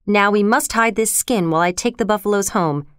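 A woman's voice: medium pitch, brisk, clear, resonant tone, no echo, clean studio sound, lightly acted. A woman voicing a bold jungle boy who commands wolves, calling out urgent orders in a raised voice. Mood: commanding.

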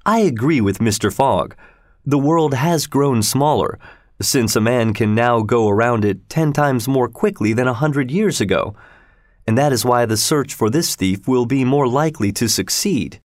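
A man's voice: medium pitch, expressive, normal speed, no room sound, clean studio sound, lightly acted. Earnest reasoning Victorian clubman, read by a male narrator. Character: agreeable, reasoning Victorian club gentleman.

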